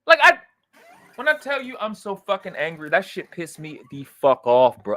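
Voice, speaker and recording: A man hosts a heated livestream rant, his pitch leaping all over as he goes from grumbling to shouting. His voice is bright and forceful. It is recorded on a dry, close mic. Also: very animated, normal speed, no echo. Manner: profane, swings from low muttering to loud outbursts. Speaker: livestream host.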